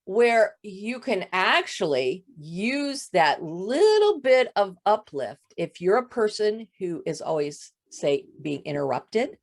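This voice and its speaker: A woman voice coach with a touch of vocal fry, explaining voice habits in an interview. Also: medium pitch, sing-song, slow pace, hardly any pauses. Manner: explanatory, demonstrates voice faults. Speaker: voice coach guest. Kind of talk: interview answers.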